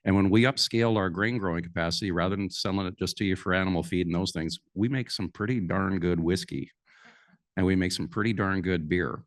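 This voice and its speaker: A man's voice: low-pitched, brisk, dry recording, studio quality. A man from Alberta, telling folksy stories from a conference stage. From Alberta, Canada. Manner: folksy, lively storyteller. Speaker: conference speaker. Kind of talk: folksy storytelling to a live audience.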